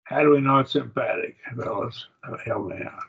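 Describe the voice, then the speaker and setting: A man's voice: medium pitch, a little fast, creaky, husky, lo-fi sound. A man with an Oklahoma accent teaching a Bible class in a classroom, talking casually and quizzing his students.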